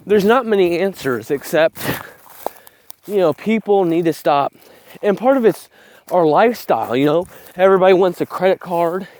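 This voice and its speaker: A man's voice: a little high, a little mellow. A young man filming a casual vlog outdoors on a phone while walking his farm fields, rambling bluntly with profanity and short of breath. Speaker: vlogger. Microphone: phone camera.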